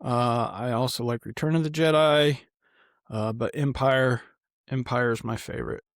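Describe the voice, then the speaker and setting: A man's voice: medium pitch, moderate pace, no echo, clean studio sound. A man co-hosting a podcast in casual chat, laid-back and enthusiastic. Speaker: podcast co-host.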